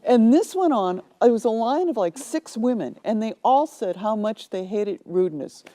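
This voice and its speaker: A woman author telling lively anecdotes in a TV studio interview, acting out the people in them. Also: mid-range voice, moderate pace. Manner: animated storyteller, acts out quoted voices. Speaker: author guest.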